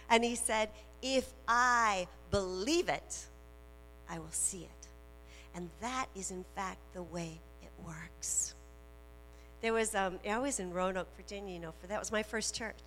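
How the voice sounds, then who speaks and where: A woman minister preaching a sermon in a slow, emphatic way, repeating her key phrases. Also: medium pitch, fairly bright tone. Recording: reverberant hall with faint music and hum.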